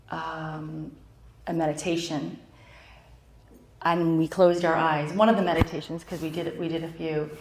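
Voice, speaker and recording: A middle-aged woman hosting a live event, speaking in a chatty, heartfelt way with frequent fillers and restarts. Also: low voice. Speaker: host and club founder. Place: in-person event room. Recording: roomy echo of a live venue.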